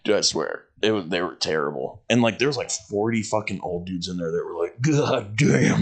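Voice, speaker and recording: With a deep voice, he rattles along at normal speed with few pauses, co-hosting a podcast. His casual, crude workplace anecdotes are profane and animated, packed with laughter and acted-out quotes.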